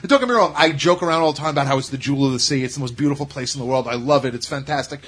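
Fast-talking, husky New man. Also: mid-range voice, a bit bright. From Staten Island, New York. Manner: ranting, sarcastic, swears freely. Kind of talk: casual chat.

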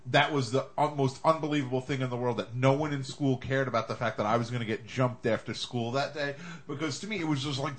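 A man hosting a casual movie chat show, jokey and rambling, prone to digressions. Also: mid-range voice. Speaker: podcast host.

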